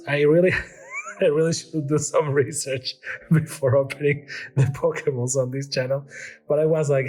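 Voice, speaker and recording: Man, middle-aged, card-opening host, rambling chat, gets excitable, faint music behind. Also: fairly high pitch. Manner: rambling, excitable, reads card text aloud haltingly. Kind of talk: casual unboxing chat.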